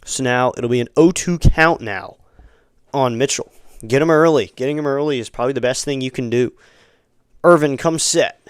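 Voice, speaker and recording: A man giving live fan play-by-play commentary on a baseball game, chatty between pitches and louder and quicker on big plays. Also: clean tone, dry recording, clean studio sound. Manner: conversational, rising to excited calls on big plays.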